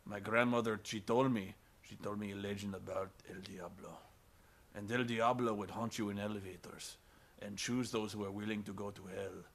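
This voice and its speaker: A man voicing a solemn male security guard who tells a legend in a low, hushed voice. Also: fairly even intonation, moderate pace, gravelly. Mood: ominous.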